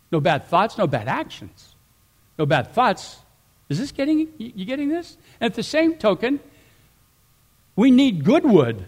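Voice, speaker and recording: A middle-aged man preaching a sermon, animated, swinging between loud emphatic rises and quiet asides. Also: high voice. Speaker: pastor.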